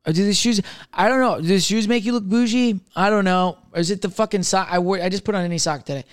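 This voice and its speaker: Young guy doing a solo comedy podcast, kinda high smooth voice, rambly and swears a lot. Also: fast talker, dry recording, clean studio sound. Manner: loose, rambling, swears freely, laughs at himself. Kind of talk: casual solo chat.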